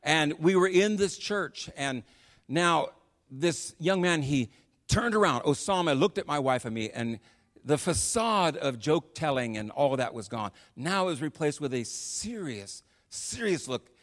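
A middle-aged American man, a missionary preacher, telling stories in a sermon in an animated, chatty way with frequent restarts. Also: fairly high pitch, a little slow. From United States. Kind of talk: sermon with storytelling. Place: church sanctuary on a PA system. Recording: long reverb of a church hall.

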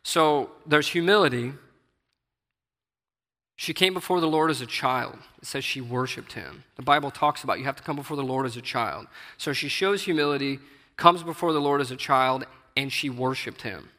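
A man preaches an informal sermon, reading scripture and then explaining it in plain, earnest talk. His voice is bright and forceful, and it is heard with a long reverb from a large hall. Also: mid-range voice, moderate pace. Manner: earnest, conversational, reads scripture aloud with rising emphasis. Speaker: lay preacher.

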